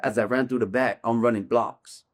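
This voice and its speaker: A bare-knuckle fighter, appearing as a podcast guest, earnestly and urgently recounts a painful memory, often checking in with "you feel me." He speaks at normal speed in a medium-pitched voice with a steady tone.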